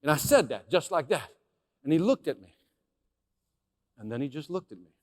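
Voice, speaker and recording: A man from Chicago giving a dramatic storytelling keynote as a motivational sales speaker, animated, swinging between hushed and loud, talking straight to the audience. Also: on the high side, normal speed. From Chicago, USA. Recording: long hall reverb.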